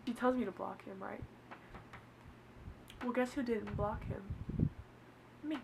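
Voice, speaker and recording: Young woman, storytime vlog, fairly high voice, loose and sweary, faint noise behind. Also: brisk. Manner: chatty, swears a lot, laughs through the story. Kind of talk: casual storytime.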